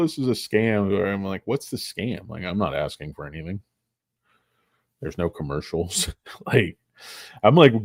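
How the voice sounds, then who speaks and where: A man's voice: on the low side, a little mellow, no room sound, studio quality. A man hosting a stock market video, talking in a casual, joking, irreverent ramble full of fillers.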